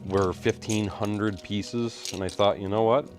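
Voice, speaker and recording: A man's voice: fairly low pitch, steady tone, measured pace, darkish tone, soft background music. A man hosting a live stream, chatting casually and greeting viewers while he sorts bricks, with his mic set a little away from his face. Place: home hobby room. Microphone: mic kept a little away from the face.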